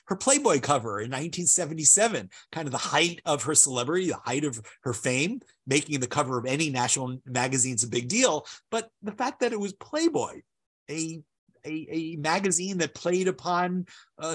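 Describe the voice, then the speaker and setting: Male lecturer, fairly high husky voice, emphatic and discursive, walks through slides. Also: a bit bright. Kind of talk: illustrated lecture talking over slides.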